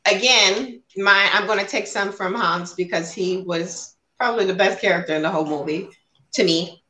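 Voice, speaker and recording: A woman's voice: medium pitch, a bit bright. Female podcast co-host, upbeat and orderly, recorded in a roomy space. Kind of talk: casual movie chat.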